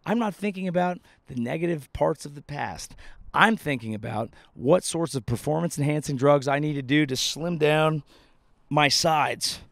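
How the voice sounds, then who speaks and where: A man's voice: a little high, normal speed, gravelly, a bit bright, no room sound. A man in his thirties, a comedian hosting his podcast, delivering a profane and sardonic rant from outdoors by a lake. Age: 30s.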